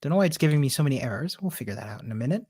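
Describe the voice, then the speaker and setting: Calm woman with a low voice walking thru code, dry mic. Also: racing, slightly rough, dry recording. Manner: calm, patient explaining. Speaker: coding instructor. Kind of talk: live coding explanation.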